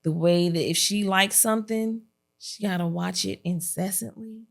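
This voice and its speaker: A woman's voice: medium pitch, normal speed, gravelly. A woman hosting a podcast in a casual sit-down chat, telling stories and acting out quotes with frequent laughter. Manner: lively storyteller who acts out quotes and laughs often. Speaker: podcast host.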